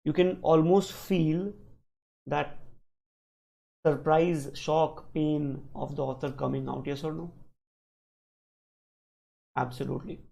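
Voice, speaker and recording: A man's voice: fairly high pitch, fairly even intonation, takes it slowly, vocal fry, long pauses, mellow, low-quality recording. A man teaching a live online reading lesson, questioning his students and repeating points for emphasis. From India. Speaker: online exam-prep teacher.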